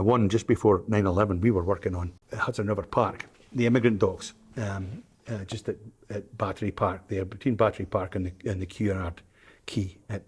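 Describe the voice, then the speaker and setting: An older man from the Isle of Arran in Scotland tells anecdotes as a guest in an interview. His voice is lowish, husky, and somewhat dark, and he rambles hesitantly, often saying um and restarting his sentences.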